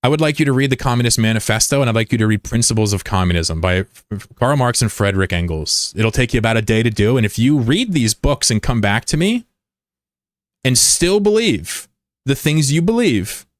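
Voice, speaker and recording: A man's voice: medium pitch, expressive, a little fast, no echo, clean studio sound. A man from the United States streaming live and chatting casually with viewers, blunt and profane, arguing with critics in the chat. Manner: blunt and profane, often swearing; argumentative when answering critics. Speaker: livestreamer.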